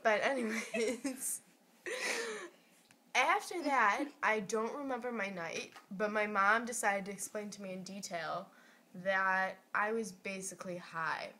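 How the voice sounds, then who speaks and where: A young woman casually telling a funny story in a vlog, giggling and animated as she goes. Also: mid-range voice, unhurried, slight background noise. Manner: giggly, animated, laughs through her story. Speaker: vlogger.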